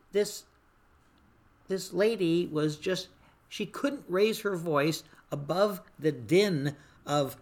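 An older storyteller recounting an emergency-response experience in a mid-pitched voice. The delivery is animated and conversational, jumping into quoted voices that rise loud and commanding. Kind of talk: personal storytelling.

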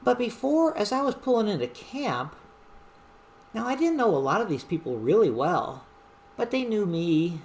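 A middle-aged woman, a wildland fire supervisor, telling a story from a fire camp in a lively, animated way. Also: medium pitch, moderate pace, a little hiss or hum. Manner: animated storyteller who acts out shouted quotes. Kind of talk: storytelling monologue.

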